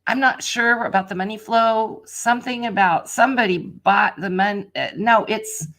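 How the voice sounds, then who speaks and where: A woman streaming a live tarot reading, excitable and laughing a lot, dropping to whispers and then bursting into shouts. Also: mid-range voice, normal speed. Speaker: tarot reader.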